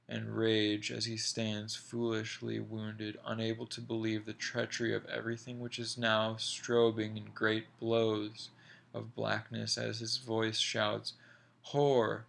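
Slow, gravelly male storyteller. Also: lowish voice, completely flat delivery, fairly bright tone. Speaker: reader. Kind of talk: audiobook reading of a short story.

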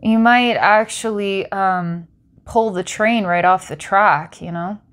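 A woman's voice: medium pitch, slow pace, fairly bright tone. A woman doing a psychic reading for a client, rambling and breaking into giggles between intense passages. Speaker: psychic reader.

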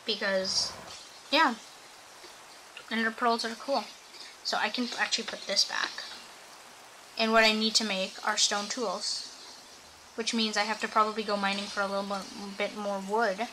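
A woman's voice: medium pitch, flat delivery, moderate pace. Chatty young woman streamer, noisy background. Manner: chatty, thinks aloud, addresses chat. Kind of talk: casual gameplay commentary. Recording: audible background noise.

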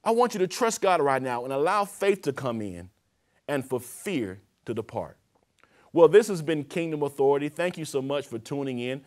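A man preaching and praying as host of a televised sermon, his voice swelling louder and then dropping low. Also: lively intonation, normal speed. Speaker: apostle and TV program host.

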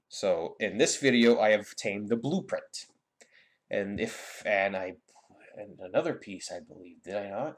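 A young man giving a casual, rambling game guide with many fillers and restarts. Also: fairly low pitch. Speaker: gaming YouTuber.

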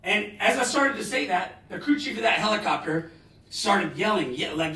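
A man in his forties giving a live motivational talk, telling stories dramatically with bursts of loud emphasis. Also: high-pitched, animated, moderate pace. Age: 40s. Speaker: motivational speaker. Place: large lecture hall. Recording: roomy hall, distant mic.

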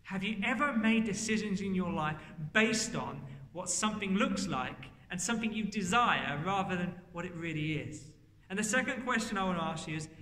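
A man preaching a sermon, his voice high and bright. He keeps it conversational and asks the congregation direct questions, with the sound bouncing around a roomy church hall. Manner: conversational, jokey asides, rhetorical questions to the congregation.

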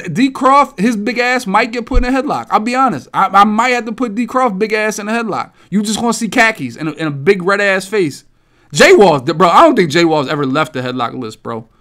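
A man hosting a gaming podcast, talking casually with a lot of swearing and rambling stories. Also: high-pitched. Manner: profane, rambling, animated storytelling. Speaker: podcast host.

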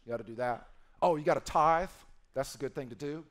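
A man's voice: fairly high pitch, a little fast. A man preaching a sermon as a pastor, playful and emphatic, acting out quoted voices and repeating key phrases.

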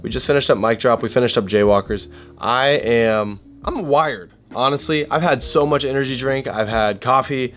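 A man's voice: mid-range voice, moderate pace, fairly bright tone, faint music behind. A young man hosting his own vlog, joking and playful as he asks questions. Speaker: vlogger host. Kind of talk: casual chat.

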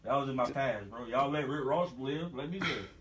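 A man with a Central Florida accent, a podcast guest who jokes back quietly. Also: medium pitch, animated, moderate pace, distant mic, noisy background. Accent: Southern US, Central Florida. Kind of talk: casual podcast banter.

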